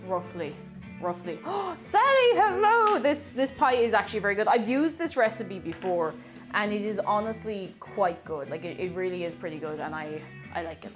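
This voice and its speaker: A woman's voice: medium pitch, brisk. An Irish woman streaming live as she bakes in her home kitchen, chatting casually, repeating herself and greeting viewers by name. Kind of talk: casual live-stream chat while baking. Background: faint music played from her phone.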